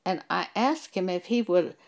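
Gravelly-voiced woman preaching with emphasis. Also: on the low side, animated, moderate pace. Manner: emphatic, cites scripture, rhetorical questions. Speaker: Bible teacher. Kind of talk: preaching monologue.

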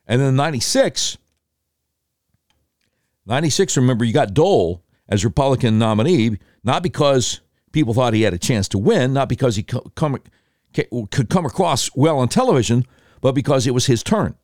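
A man telling political history in an animated way, breaking into quick impressions of voters and politicians. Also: mid-range voice, no echo, clean studio sound.

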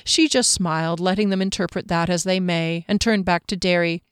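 A woman reading a fantasy novel aloud in a steady, even narrating voice. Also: on the low side, moderate pace, hardly any pauses, clean tone, dry recording, clean studio sound. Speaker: audiobook narrator.

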